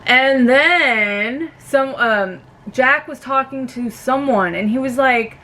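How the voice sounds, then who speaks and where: A woman's voice: high voice, takes it slowly, hardly any pauses. Ranting young woman vlogger. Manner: animated, ranting, swears freely. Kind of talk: casual reality TV commentary.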